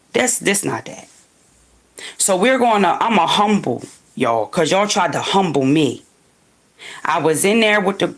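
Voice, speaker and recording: A woman from Wilmington, Delaware, ranting in an unscripted livestream monologue, profane and talking straight at her viewers. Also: medium pitch. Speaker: livestream host.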